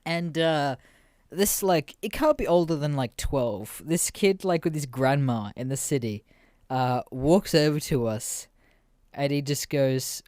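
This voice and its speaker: A man's voice: a little high, measured pace, darkish tone. A man in his twenties hosts a podcast and tells stories in a loose, rambling chat. He swears freely, laughs a lot and leans on fillers. The sound is dry and close, with no room echo. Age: 20s. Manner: profane, laughs often, rambling with many fillers. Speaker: podcast host. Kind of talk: casual podcast storytelling.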